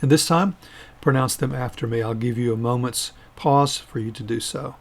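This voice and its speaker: A man teaching a recorded grammar lesson, explaining forms patiently and methodically, then pausing so listeners can repeat after him. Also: medium pitch, husky. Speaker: Hebrew teacher.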